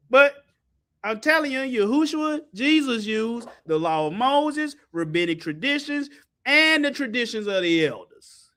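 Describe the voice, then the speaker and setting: A man teaching Bible study in an animated, colloquial way, speaking on a video call. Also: unhurried. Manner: lively, colloquial, jumps high in pitch for emphasis, laughs often.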